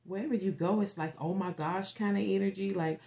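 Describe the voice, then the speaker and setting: A woman giving a casual tarot forecast, rambling and animated, dropping to a whisper at times and swearing freely. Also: medium pitch, a little fast, gravelly, muffled recording. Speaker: tarot reader.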